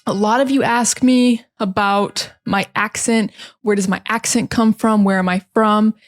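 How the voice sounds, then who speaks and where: A young woman from the United States with a standard American accent speaks close to the microphone. She chats in a calm, relaxed podcast style, teaching English with easy fillers and an even, friendly pace. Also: medium pitch, measured pace.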